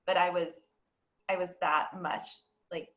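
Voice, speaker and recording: A woman speaking as a guest in a casual podcast conversation, bubbly and quick to laugh. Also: on the low side, level tone, fairly bright tone, low-quality recording.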